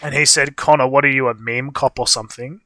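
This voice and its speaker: Bright-voiced young man rambling. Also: medium pitch, steady tone, fairly quick, no echo. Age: young adult. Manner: rambling storytelling with frequent fillers. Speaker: livestream co-host. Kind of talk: casual chat.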